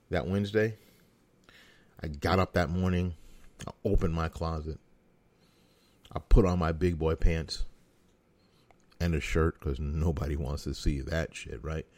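Deep-voiced, blunt, sarcastic man. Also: darkish tone, no echo. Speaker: talk show host. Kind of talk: opinion monologue.

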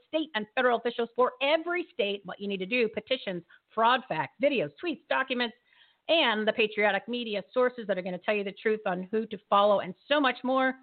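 A woman hosting a live talk show, talking in a fiery, folksy and emphatic way over a video call. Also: a little high. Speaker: host. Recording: phone-like narrow audio.

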